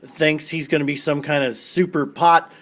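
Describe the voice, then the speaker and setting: A man's voice: on the high side, fairly even intonation, normal speed, a bit bright. Indignant man asking pointed questions. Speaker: friend and spokesman. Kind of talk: casual chat.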